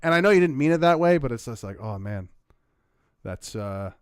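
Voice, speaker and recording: A man from Canada giving sarcastic, animated commentary while reacting to a news clip. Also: medium pitch, moderate pace, clean tone, dry recording, studio quality. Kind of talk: casual political commentary.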